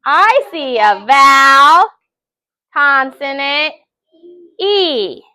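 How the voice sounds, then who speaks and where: A woman teaching a phonics lesson to young students in a classroom, loud and energetic, calling on children by name. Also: sits high, extremely slow, no room sound.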